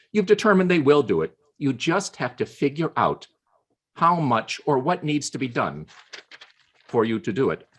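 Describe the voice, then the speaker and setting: Husky male club speaker, lively pitch, humorous anecdotes, video call. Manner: storytelling with playful pauses. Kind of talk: humorous prepared speech.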